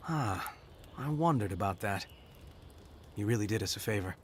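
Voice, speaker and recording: An actor playing a relieved, friendly crew leader in a video game. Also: male voice, lowish voice, expressive, moderate pace, slight background noise, lightly acted.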